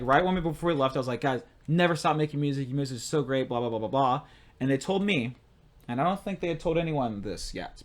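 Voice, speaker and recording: A young man co-hosting a podcast, telling stories in casual chat, excitable and rambling. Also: medium pitch. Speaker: podcast co-host.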